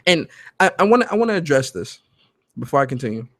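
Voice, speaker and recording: Male streamer host, pitched a touch high, dry close mic, loose, profane and quick to laugh. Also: no room sound. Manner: animated, profane, laughs loudly, reads chat aloud. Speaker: host of a gaming talk show. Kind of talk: live-streamed commentary chat. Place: home.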